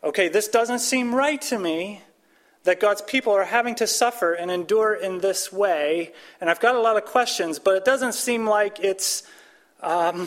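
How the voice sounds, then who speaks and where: A man giving a conversational Bible teaching, speaking casually with frequent restarts and pushing up his voice for emphasis. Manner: casual, restarts and fillers, rises in pitch and volume for emphasis.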